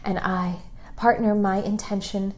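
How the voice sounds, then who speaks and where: A woman spiritual teacher softly guiding a class through repeated self-love affirmations, at times near a whisper. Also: medium pitch, flat delivery. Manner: soft, near-whispered, slow and repetitive. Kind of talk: guided affirmation, hushed.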